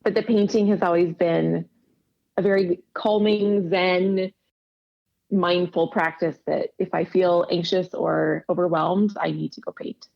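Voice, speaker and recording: A woman's voice: fairly low pitch, fairly even intonation, measured pace, gravelly. A woman casually telling stories in an interview, laughing often and acting out quoted dialogue. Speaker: podcast guest, quilter. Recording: dull lo-fi audio.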